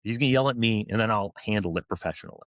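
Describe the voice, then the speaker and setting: Fairly low and a bit bright, the voice of a firefighter officer in his forties comes rapid-fire as he tells interview stories with earnest restarts and fillers. There's no echo, and the sound is clean studio quality.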